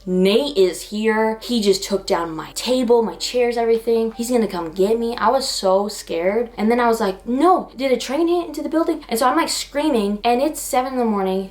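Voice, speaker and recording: A woman in her twenties telling a personal storytime vlog in a chatty, animated way, laughing and acting out what she said. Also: mid-range voice. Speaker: vlogger.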